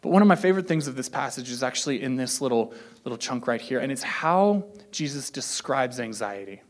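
A man preaching a sermon in a relaxed, conversational way, cracking jokes and acting out quoted voices. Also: medium pitch, fairly quick. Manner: joking, self-deprecating asides. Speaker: pastor.

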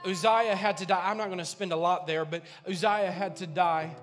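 A man pastor preaching a sermon, impassioned and repetitive, building up to shouting. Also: high-pitched, steady tone, moderate pace. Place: large church sanctuary. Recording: long church reverb, faint music.

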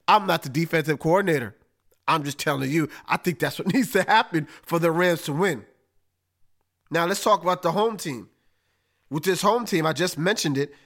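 A man hosting a casual sports talk show, breaking down football matchups in an emphatic, animated way with slang. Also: fairly high pitch. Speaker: podcast host.

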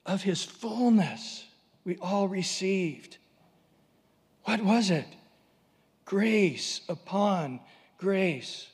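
Male preacher, higher pitch, animated storyteller, long reverb of a hall. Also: very slow, pauses often, husky. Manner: animated storytelling, dramatic pitch swings, humorous asides. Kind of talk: sermon.

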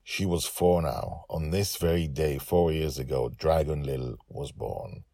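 A man voicing a loving male red dragon who watches over a girl, telling the story in a hushed, gentle way. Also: rumbling low, measured pace, creaky, dry recording, full character voice. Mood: tender. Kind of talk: first-person storybook narration.

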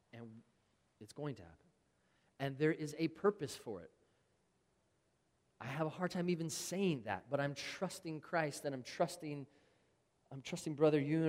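A man's voice: medium pitch, long reverb tail. A man preaching a sermon in an earnest, conversational way, reading scripture aloud to his congregation. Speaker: pastor.

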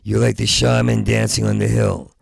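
A man doing a rambling stand-up comedy set, stuttering through restarts and breaking into loud rants. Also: lowish voice, little pitch movement, normal speed, vocal fry, breathy edge, dry recording.

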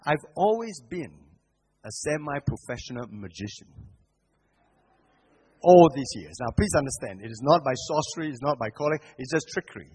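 A middle-aged man preaches a guest sermon with a husky, slightly breathy voice. He tells his story with animated emphasis, dropping to near-quiet and then rising loud, often restarting a phrase mid-thought. His voice sits in an ordinary male pitch. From Singapore.

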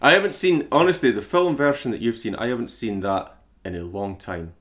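A man co-hosting a casual podcast chat, animated and full of film-buff detail, swearing freely. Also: medium pitch, a little fast, over music. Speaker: podcast co-host.

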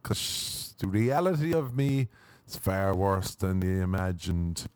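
A man's voice: sits low, very animated, slow pace, darkish tone, a little hiss or hum. A man doing a rambling, self-deprecating comic monologue, dropping wry asides and slipping into mock voices.

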